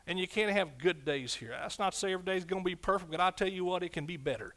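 A man preaching a fervent sermon as pastor, swinging from loud shouts to quiet, low asides. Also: quick pace.

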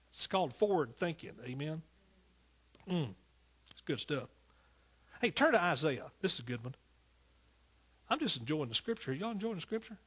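A man with a high, husky voice preaches a sermon with fervent rhythm, repeatedly calling out to his congregation.

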